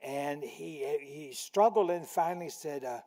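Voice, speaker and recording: A man's voice: fairly high pitch, unhurried, few pauses, a little mellow. An older man giving a storytelling lecture to a library audience, acting out quoted voices as he tells anecdotes. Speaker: guest speaker. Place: library auditorium. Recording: long hall reverb.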